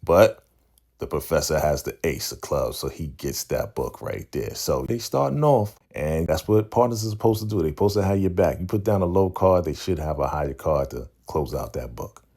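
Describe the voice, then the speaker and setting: This is a man with an extremely low, dark voice who recaps a TV episode in a loose, casual way. He chats along, acts out what the characters say and keeps checking in with a "right?" His tone stays warm and mellow throughout. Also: expressive, moderate pace. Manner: laid-back, conversational, often tags sentences with "right?" and acts out lines. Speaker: TV recap channel host.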